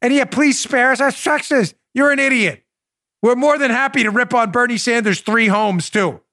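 A man hosting a political commentary show, sarcastic and animated, who talks to his audience directly. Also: very high voice, moderate pace. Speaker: talk show host.

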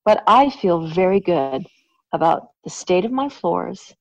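Brief: Western Canadian woman, podcast host, lively and chatty, dry, slightly dull studio sound. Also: on the low side, a little slow, creaky, no echo. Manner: animated, laughing, chatty. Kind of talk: casual chat.

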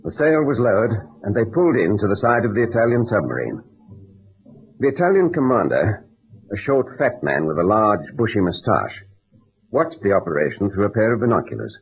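A man narrating an old radio drama in a measured, grave way. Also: fairly low pitch, sing-song. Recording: dull old radio broadcast.

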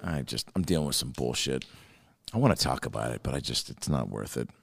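A man's voice: a bass voice, expressive, a little fast, creaky, big-room sound, a little hiss or hum. A man, a comedian hosting a podcast, rambling in a profane, casual monologue. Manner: profane, rambling, swears a lot.

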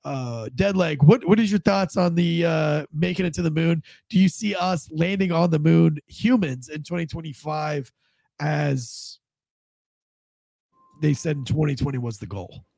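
Congested man with a gravelly voice. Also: a little high, a little slow, darkish tone, dry recording. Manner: rambling, with frequent fillers and restarts. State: stuffed-up head cold. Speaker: host. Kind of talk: casual news commentary show.

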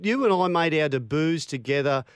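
A man's voice: on the high side, normal speed, smooth, dry recording. An Australian man in his fifties hosting a radio show, telling stories with plenty of laughs. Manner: laughing, lively storyteller. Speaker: radio host. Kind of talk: casual radio banter.

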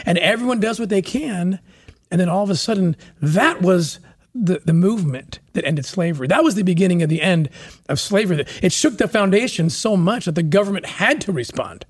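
A man's voice: fairly high pitch, expressive, a little fast, husky. A man speaking as a podcast guest, telling a story in an earnest, passionate way with frequent restarts. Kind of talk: conversational interview storytelling.

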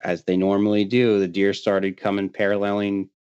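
A man with a fairly low voice tells a hunting story in casual chat, laughing now and then and putting on the voices of his friends. The recording is dry and a little dull, with the top end rolled off. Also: moderate pace, smooth, no echo. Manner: animated, laughing often, acting out quoted friends. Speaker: podcast guest telling a hunting story.

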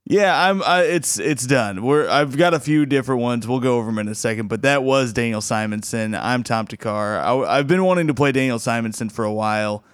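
A man hosting a comedy podcast in a relaxed, chatty way, chuckling often between thoughts. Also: medium pitch, fairly quick, few pauses, clear, resonant tone, no room sound, studio quality. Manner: laid-back, chuckles often, restarts. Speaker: podcast host. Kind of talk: casual podcast chat.

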